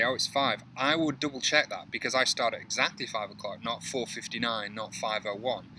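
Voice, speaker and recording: Bright-voiced man chatting about code. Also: medium pitch, low-quality recording. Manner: conversational, rambling with many fillers. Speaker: programming instructor. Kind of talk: casual coding tutorial talk. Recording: faint background noise.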